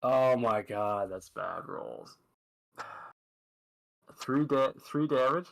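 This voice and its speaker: A man running a tabletop game as its dungeon master, chatty and quick, with lots of fillers. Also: medium pitch, gravelly, a bit bright.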